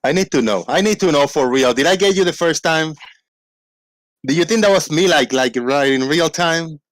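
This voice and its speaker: A man hosting a casual livestream, rambling playfully and reading out shout-outs to viewers. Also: fairly high pitch, normal speed, dry recording, studio quality. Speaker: livestream host. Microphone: desk microphone.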